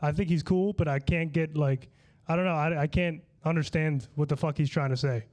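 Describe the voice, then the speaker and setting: A man's voice: a little high, fairly even intonation, brisk, a little mellow. A man from Long Island doing a stand-up comedy set, slightly tipsy and slurring, with a loose, rambling delivery full of restarts and swearing. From Long Island, New York.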